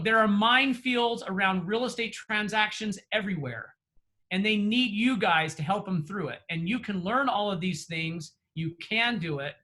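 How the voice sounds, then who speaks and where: Wrapping up a class over a video call, a real estate trainer gives motivational closing remarks in a high, bright voice. He is earnest and encouraging, often restarting sentences and filling pauses with "uh" and "you know."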